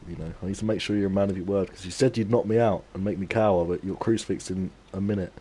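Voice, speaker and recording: A man's voice: sits low, fairly even intonation, quick pace, dark tone, slight background noise. A young man streaming a fighting game, trash talking his viewers and daring them to wager. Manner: cocky trash talk to chat. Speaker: gaming streamer. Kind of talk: live game stream commentary.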